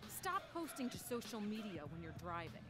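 A woman's voice: mid-range voice, big pitch swings, moderate pace, loud music behind the voice, lightly acted. A woman playing a dry, exasperated young handler. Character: brisk young woman managing a rookie's image.

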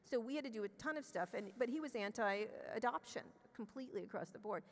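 A middle-aged woman telling a candid personal story as an interview guest on a conference stage, blunt and profane, restarting her sentences as she rushes ahead. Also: on the high side, animated. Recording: long hall reverb.

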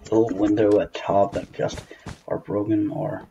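A man's voice: fairly low pitch, little pitch movement, unhurried, vocal fry, warm tone, muffled recording, slight background noise. A man streaming a building game with a friend, chatting casually, joking and laughing often. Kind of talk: casual chat while gaming.

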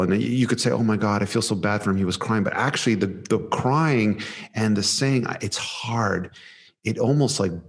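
A man sharing a personal story in a heartfelt conversation, emotional and soft-spoken in places. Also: fairly low pitch. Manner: warm storytelling, emotional, softens to near whisper for quotes. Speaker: panel speaker.

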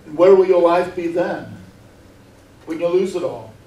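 A man's voice: sits high, lively intonation, unhurried, dark tone. A man preaching a sermon as pastor, earnest and full of rhetorical questions, often repeating words as he goes. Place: church sanctuary. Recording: echoey room, mic far off.

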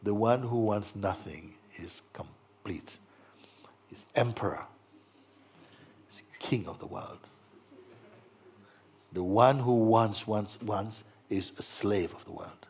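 A man giving a gentle spiritual talk to an audience, playful and teasing, acting out little voices and laughing as he speaks. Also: lowish voice, slow, creaky, slight background noise. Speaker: spiritual teacher.

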